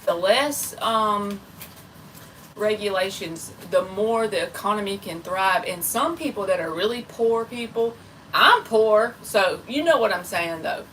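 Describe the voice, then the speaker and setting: A woman's voice: medium pitch, measured pace, fairly bright tone, distant mic, a little hiss or hum, rough recording. A woman tarot reader chatting casually and rambling on a live stream, talking straight to her viewers. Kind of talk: casual livestream chat.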